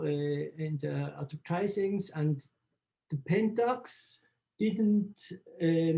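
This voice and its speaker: A man from Switzerland answers interview questions in halting English, often searching for words. His voice is gravelly and mellow, and he talks at a slow, unhurried pace. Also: fairly high pitch. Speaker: photographer interviewee.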